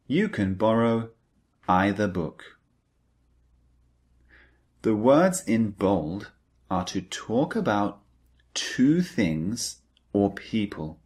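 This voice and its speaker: Slow, low-voiced male English teacher. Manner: repeats key points, stresses words. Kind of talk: slow, deliberate grammar lecture.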